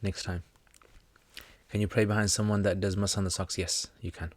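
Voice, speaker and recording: A relaxed man with a fairly low voice hosts a casual livestream question-and-answer session. He reads out viewer comments and answers religious questions in an easygoing, joking way. The sound is dry and close, with no room echo. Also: normal speed.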